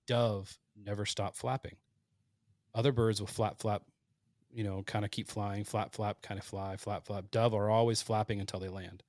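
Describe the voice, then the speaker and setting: A man in his late thirties telling hunting stories casually on a podcast, animated and acting out the voices he quotes. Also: on the low side, no echo, clean studio sound. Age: 30s. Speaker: podcast guest, hunter. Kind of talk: casual storytelling.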